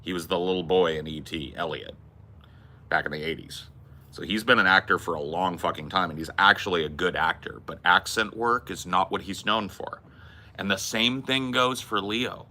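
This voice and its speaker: At a moderate pace, a low-voiced man sounds pushed and bright while hosting his podcast. His casual talk wanders, full of profanity and frank movie opinions.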